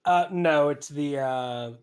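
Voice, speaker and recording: Man, tabletop player, easygoing, swears casually, slightly high pitch. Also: slow. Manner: relaxed, adds in-character flavor with swearing. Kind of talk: tabletop game banter.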